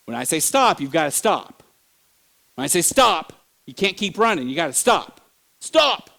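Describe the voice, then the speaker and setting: A middle-aged man preaching in a church, telling stories with animated bursts, sudden shouts and laughter. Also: a little high, moderate pace, creaky. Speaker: pastor. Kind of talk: sermon.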